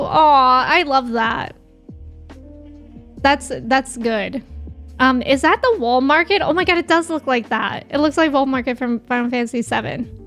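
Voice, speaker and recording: A woman's voice: high voice, a bit bright. A woman streamer in casual chat with her live viewers, reading their messages aloud and laughing often.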